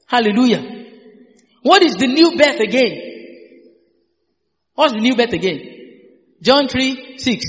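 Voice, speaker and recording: A high, very lively male preacher delivering a sermon with call-and-response and lots of repetition. The sound is dull, with a long hall reverb and soft music behind him. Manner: emphatic call-and-response preaching, repeating phrases.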